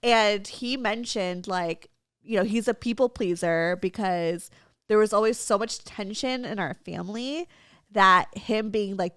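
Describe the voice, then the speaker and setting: Woman, about thirty, podcast host; mid pitch, chatty filler-heavy delivery, dry close sound. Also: fairly bright tone, dry recording. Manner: chatty, full of "like", quotes others in high voices. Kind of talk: casual chat.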